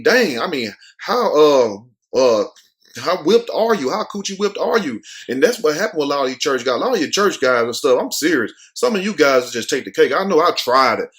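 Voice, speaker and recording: A man hosting a casual commentary show, reading news items aloud and riffing on them in a blunt, slangy, animated way. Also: a little high. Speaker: host.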